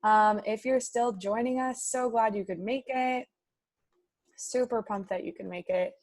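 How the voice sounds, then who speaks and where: A woman teaching an online high school class, chatty and upbeat, reading replies from the chat aloud over a video-call mic. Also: fairly even intonation, measured pace, darkish tone.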